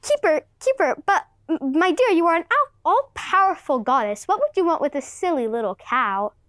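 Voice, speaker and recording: A sneaky, smooth-talking king of the gods, as a woman plays him in a student class play. He sounds flustered and makes excuses in a high voice. It is recorded dry and close. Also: very animated, moderate pace, fairly bright tone, no echo, heavily acted.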